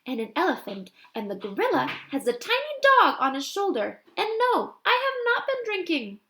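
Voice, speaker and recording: A bemused, soft-hearted storybook policewoman, as a woman puts her on, chatty and lively, with a bright, creaky voice. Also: very high voice, normal speed, a little hiss or hum, voice pushed up, exaggerated voice, poor audio. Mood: incredulous.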